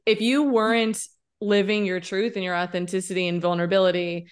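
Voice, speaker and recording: A woman co-hosting a podcast about relationships, speaking earnestly as she sums up a lesson. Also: mid-range voice. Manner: earnest, teaching tone. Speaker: podcast co-host. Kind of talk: casual chat.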